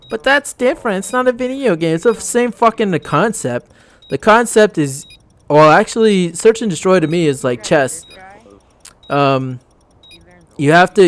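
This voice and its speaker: A man's voice: fairly high pitch, clear, resonant tone, no echo. A young man giving casual, rambling gameplay commentary, blunt and full of swearing.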